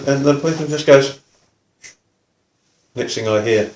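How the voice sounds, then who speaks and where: An older man with a New Zealand accent, a retired police officer telling stories in a relaxed, casual way. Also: medium pitch, normal speed, echoey room, a little hiss or hum. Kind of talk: casual storytelling.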